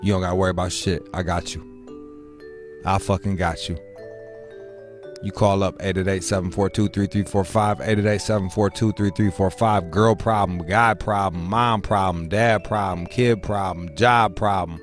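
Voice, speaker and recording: A man's voice: low-pitched, fairly even intonation, moderate pace, soft background music. A man hosting a call-in radio show, talking loosely with profanity and hype. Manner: loose, profane, hyped-up banter. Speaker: radio host. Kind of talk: casual talk radio.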